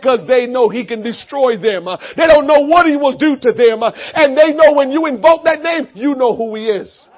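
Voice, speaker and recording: A male pastor preaches with fervent intensity. He often shouts and fills pauses with "uh". His voice sits very high, and the recording sounds muffled and lo-fi. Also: expressive. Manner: shouting, fervent, many "uh" fillers. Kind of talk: fiery shouted sermon.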